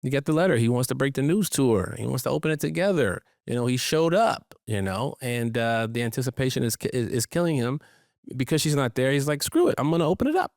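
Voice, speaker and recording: A man co-hosting a podcast in casual chat, playful and slangy, jumping into high quoted voices. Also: fast, vocal fry, no room sound, studio quality. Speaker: podcast co-host. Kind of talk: casual chat recapping a sitcom episode.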